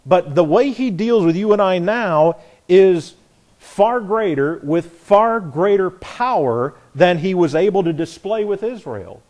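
A man's voice: high voice, expressive, measured pace, darkish tone. A middle-aged man teaching an informal Bible class, earnest and conversational, often restarting his sentences.

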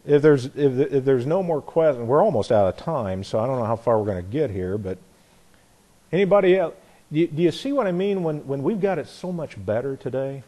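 A man's voice: mid-range voice, animated, a little fast, mellow. A middle-aged man teaching an informal Bible class, earnest and conversational, often restarting his sentences.

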